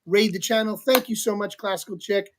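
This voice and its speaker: A man with a notably high voice hosts a live-streamed talk show. He keeps things upbeat, thanking viewers and steering on to the next question. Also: fairly quick, noisy background. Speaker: show host.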